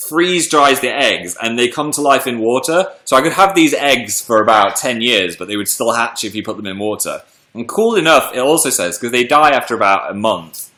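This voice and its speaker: A man chatting casually on a livestream, reading viewers' comments aloud and hopping between topics with animated energy. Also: medium pitch, moderate pace. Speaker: live streamer.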